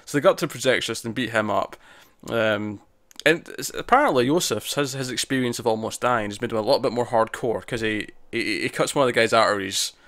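A man's voice: medium pitch, fast, fairly bright tone, dry recording. A man co-hosting a podcast, recapping a TV episode in casual chat, rambling with restarts and acted-out quotes. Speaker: podcast co-host.

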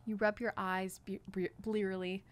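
Let's play co-host, woman, mid-pitched, reads story text with giggles and slips. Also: little pitch movement, moderate pace. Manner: giggly, stumbling over words. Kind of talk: reading game text aloud.

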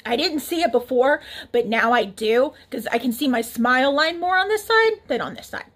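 Chatty high-voiced woman reviewing makeup. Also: lively intonation, moderate pace, a bit bright. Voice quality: speaking with a swollen cheek. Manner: chatty, laughs often. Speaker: beauty reviewer. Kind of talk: casual makeup review vlog.

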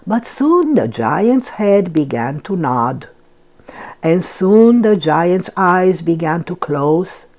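An older woman reads a picture book aloud to little ones, slow and gentle. Her voice is on the low side and swings widely up and down to bring the story alive. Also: big pitch swings. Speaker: storyteller, channel host. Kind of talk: children's read-aloud storytelling.

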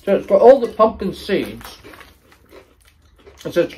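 Guy tasting snacks, voice bouncing up and down a lot, slightly high, chatty. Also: measured pace, pauses often. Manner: chatty, lively, reads labels aloud while chewing. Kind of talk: casual chat.

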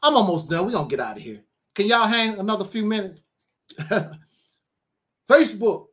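A man's voice: high-pitched, expressive, normal speed, pauses often, fairly bright tone. A man preaching in a livestream monologue, talking emphatically, laughing often and repeating himself. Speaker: self-styled minister.

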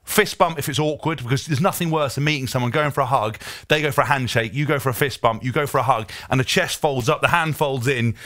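Fast-talking, emphatic man, dry sound. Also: mid-range voice, a bit bright, no room sound. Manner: emphatic, repeats points for effect. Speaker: podcast co-host. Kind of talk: casual podcast chat.

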